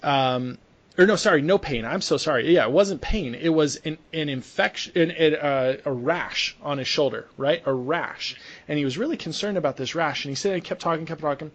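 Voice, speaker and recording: A man's voice: a little high, normal speed, lo-fi sound. A young man, a sports medicine clinician, chatting casually and telling a story with lots of restarts and fillers. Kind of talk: casual podcast conversation.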